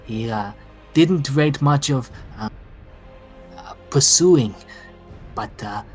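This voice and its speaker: A man's voice: medium pitch, expressive, slow, faint music behind. A man narrating a tabletop game as game master, hesitant with many fillers.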